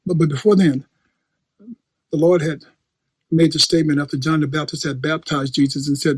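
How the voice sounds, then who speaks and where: A male preacher with a husky voice, set a little higher than most men. He tells a story in an animated way, repeats his phrases and laughs often. The sound is dry and close. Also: moderate pace, long pauses, dry recording. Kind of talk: storytelling sermon.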